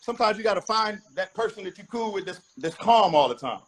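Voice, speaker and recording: A man's voice: sits high, expressive, quick pace, a little hiss or hum, low-quality recording. A man giving an interview as a rapper, talking bluntly and emphatically, with frequent profanity. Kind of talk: candid interview talk.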